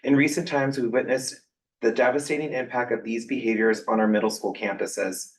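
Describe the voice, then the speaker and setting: A man's voice: mid-range voice, level tone, brisk, distant mic, poor audio. A man reading a formal, solemn prepared statement during public comment at a school board meeting.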